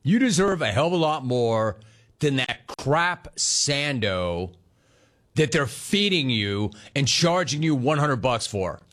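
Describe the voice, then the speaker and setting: Brief: middle-aged male sports talk host, heated sarcastic rant, lively swooping pitch. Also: slow pace. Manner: sarcastic, heated, mocks the player in put-on voices.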